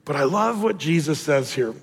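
A high-voiced man preaching with animated storytelling, jumping into little voices for the people he describes. His words carry a long reverb, as if spoken in a large hall. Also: normal speed, creaky, slightly rough. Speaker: pastor. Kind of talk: sermon.

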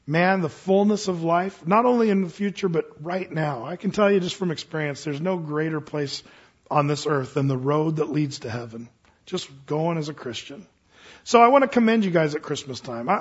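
A male pastor tells a story from the pulpit with earnest, animated delivery and many restarts. His voice is husky and sits a little high. The recording sounds dull and lo-fi. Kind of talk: sermon storytelling.

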